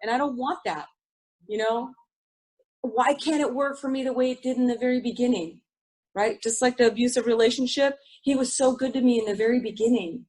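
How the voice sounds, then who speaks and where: A middle-aged woman shares her recovery story in a raw, candid way. Her voice sits a little high, with a husky edge. She swears freely and often breaks off and restarts her sentences. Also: a little fast, a little mellow, rough recording. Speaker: speaker sharing at a recovery study group.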